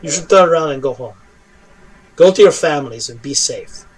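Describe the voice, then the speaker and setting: A man's voice: fairly high pitch, animated, normal speed, breathy edge, pitched below the performer's own voice, low-quality recording. A man voicing a frightened, weary male hobgoblin prisoner in a tabletop game, who talks hesitantly and stammers out grim warnings.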